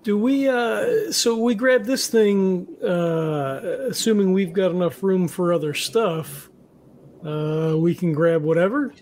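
A man with a notably high voice plays a tabletop game, asking halting, curious questions. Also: darkish tone. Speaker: player.

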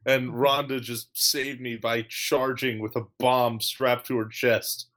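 A man's voice: mid-range voice, level tone, slow, a bit bright. A man hosting a casual podcast, joking around and spinning mock-spooky stories. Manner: playful, spins a mock-spooky tale. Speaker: podcast host.

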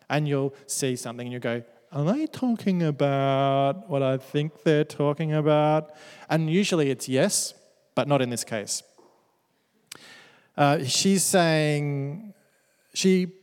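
A man preaching a sermon who reads verses aloud and breaks into playful, joking asides. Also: a little high. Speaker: pastor. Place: church hall. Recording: church hall with long reverb.

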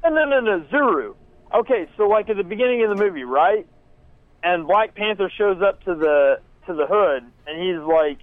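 A man's voice: sits high, lively intonation, moderate pace, no echo. A man calling in to a show, rambling and profane. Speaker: caller. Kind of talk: casual call-in chat. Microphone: phone call from a parked car. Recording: tinny phone line.

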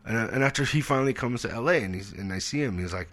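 A man in his forties telling stories in a casual interview, animated and swearing freely, acting out the people in his stories. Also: medium pitch, very fast. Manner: animated storyteller, acts out quoted voices, swears freely. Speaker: comedian guest.

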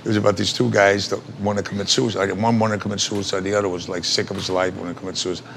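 A man's voice: sits low, little pitch movement, fast talker, gravelly, background noise. An older man, an actor being interviewed, telling rambling, salty stories and laughing as he goes. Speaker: actor guest. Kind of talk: casual anecdotal storytelling.

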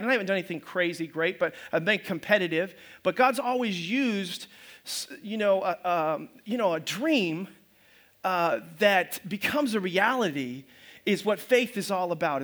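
A man's voice: sits high, normal speed, fairly bright tone. A man pastor preaching a sermon in a loose, conversational way, often restarting his phrases. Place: church service.

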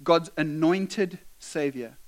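Male pastor, conversational sermon, higher-than-usual voice. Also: slow. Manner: conversational, asks the congregation questions.

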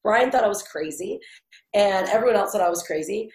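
A woman in her forties telling her life story in an interview, chatty and animated, with many fillers and restarts. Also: mid-range voice, brisk, roomy sound. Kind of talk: conversational storytelling.

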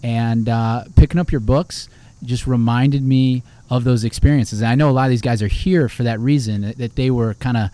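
A man's voice: mid-range voice, steady tone, normal speed, warm tone, no echo. A man hosting a casual podcast interview, easygoing, asking questions with fillers and restarts. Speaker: podcast host.

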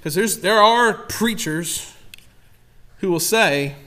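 High, bright-voiced man preaching passionately. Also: expressive, slow pace. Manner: impassioned, emphatic preaching with repeated exhortations. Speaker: pastor. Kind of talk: sermon.

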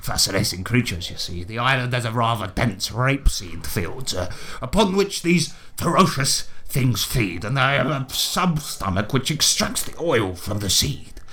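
A man's voice: medium pitch, animated, moderate pace, hardly any pauses, sharp tone, a little hiss or hum. A man voicing a blustering, foul-mouthed male explorer and zoo owner who stammers and swears constantly, in a tabletop game. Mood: pompous.

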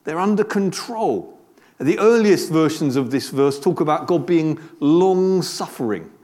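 Guy preaching, fairly high voice, chatty, keeps asking "isn't it?". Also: animated, a little slow, a little mellow. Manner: conversational preaching with rhetorical questions and frequent repeated words. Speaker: pastor. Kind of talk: sermon.

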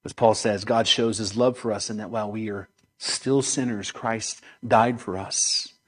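A man preaching, reading scripture aloud in a solemn manner, slowing and dropping his voice on key phrases. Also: lowish voice, fairly even intonation, a bit bright, slightly rough.

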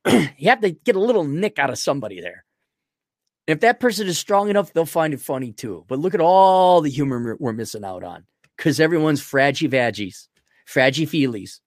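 A man hosting a podcast, reading out donor messages and answering them in blunt, crude, rambling talk that swings from loud outbursts to low muttering. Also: sing-song, normal speed, no room sound, studio quality. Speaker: podcast host. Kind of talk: livestream donation reading.

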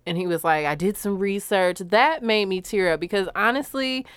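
Woman podcast co-host, smooth clear voice, dry close mic, candid and profane. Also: medium pitch, normal speed, dry recording. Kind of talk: casual chat.

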